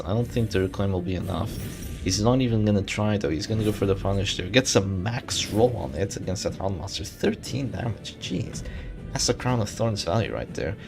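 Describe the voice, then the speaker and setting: A man with a low, gravelly voice calls a game tournament in relaxed play-by-play, joking with his chat as he goes. Game music plays clearly behind him. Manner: bantering, reads and answers live chat. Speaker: tournament caster. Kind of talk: casual play-by-play commentary.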